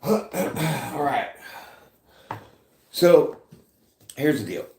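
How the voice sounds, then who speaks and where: Host, male, lively pitch, loose joking delivery, roomy echo. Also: drawn-out words, vocal fry, a little hiss or hum. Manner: chatty and joking, reads out viewer comments. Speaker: tarot reader hosting a live chat. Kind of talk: casual live-stream talk. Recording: echoey room.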